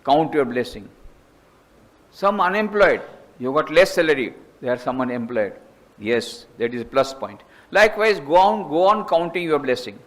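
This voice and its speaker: A man with an Indian accent, a monk giving a lecture, emphatic and repetitive, climbing high in pitch to stress his points. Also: sing-song, moderate pace, fairly bright tone.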